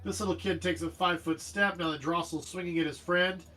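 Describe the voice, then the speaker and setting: A man narrating a tabletop game as game master, animated and jokey, describing the action vividly. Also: high-pitched, brisk. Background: faint background music.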